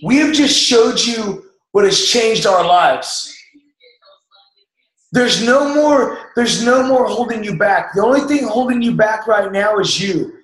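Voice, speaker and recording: High-voiced man giving an emphatic pep talk. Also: expressive, takes it slowly, fairly bright tone. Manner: emphatic, coaching, acts out quoted doubters. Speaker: motivational speaker. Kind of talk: motivational talk to a group. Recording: echoey room.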